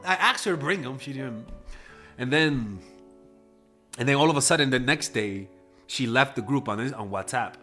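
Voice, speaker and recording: A man's voice: mid-range voice, animated, normal speed, long pauses, bright, forceful tone, soft background music. A man giving blunt, casual dating advice in a monologue, swearing freely and acting out quoted exchanges in a raised voice. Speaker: dating coach.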